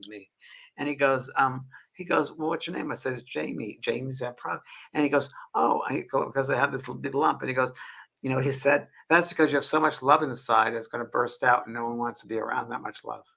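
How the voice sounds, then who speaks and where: Older guy host, talks fast, kinda gravelly, bright tone, tells stories. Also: medium pitch. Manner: storytelling, animated, quick. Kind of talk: casual conversation.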